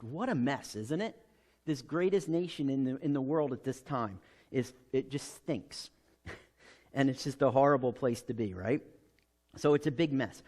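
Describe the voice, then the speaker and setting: American pastor guy, kinda high voice, animated, acting out the story in his sermon.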